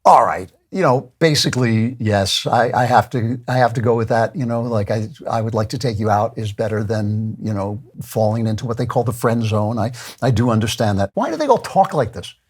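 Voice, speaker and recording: A man's voice: lowish voice, expressive, fairly quick, few pauses, breathy edge. A man in his seventies hosting a reaction commentary, talking in a wry way and chuckling often. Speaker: host.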